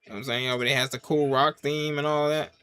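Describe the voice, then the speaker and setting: A man giving casual live reaction commentary while watching a wrestling show, swinging from loud excited yelps to low mutters in easygoing slang. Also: racing, clear, resonant tone. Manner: casual slang, talks to himself and the chat. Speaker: wrestling watch-along reviewer.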